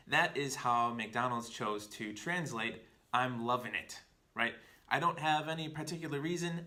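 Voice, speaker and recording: A man teaching Chinese grammar, explaining each example clearly and step by step. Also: medium pitch, measured pace, sharp tone. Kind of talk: scripted explanatory lesson.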